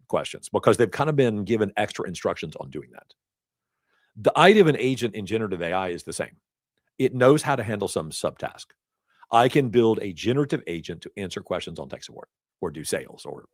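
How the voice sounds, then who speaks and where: A man teaching a live training class, talking casually with asides and quick self-corrections. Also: lowish voice, no echo, clean studio sound. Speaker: instructor. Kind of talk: live certification lecture. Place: training event room.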